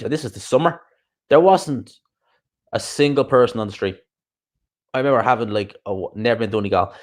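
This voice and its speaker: Low-voiced man chatting on stream. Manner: rambling, answers viewer comments aloud. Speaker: boxing channel host. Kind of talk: casual live stream chat.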